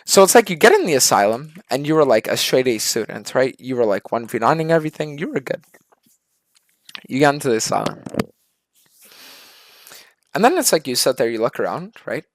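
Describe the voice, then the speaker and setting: A man's voice: mid-range voice, very animated, brisk, long pauses, no room sound. A male streamer telling an absurd story in a casual, profane rant.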